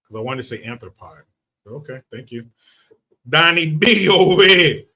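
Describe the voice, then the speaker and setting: A man in middle age hosts an online commentary show in loose, casual talk. He is brash and sarcastic and swears freely. His voice sits somewhat high and sounds bright and forceful. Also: expressive, normal speed. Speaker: political commentary host.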